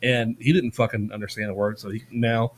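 A man's voice: medium pitch, flat delivery, brisk. Stammering, swearing podcast guy. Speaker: podcast co-host. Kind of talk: casual chat.

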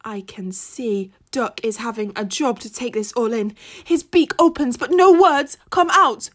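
A woman's voice: fairly high pitch, a little slow, a bit bright. A woman narrating a children's story expressively in the first person, using childlike grammar. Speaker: audiobook narrator.

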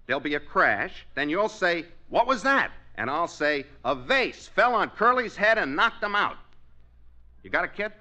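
A man playing a scheming, fast-talking sidekick in a 1950s radio sitcom. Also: sits high, big pitch swings, pushed and bright, exaggerated voice. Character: scheming wisecracking male sidekick.

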